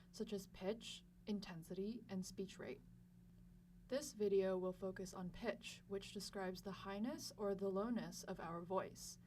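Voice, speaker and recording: A young woman narrates a scripted lesson, explaining each point in a clear, measured way. Her voice sits at an ordinary middle pitch and sounds a little distant from the mic, with a faint hum underneath. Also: warm tone. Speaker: lab student presenter.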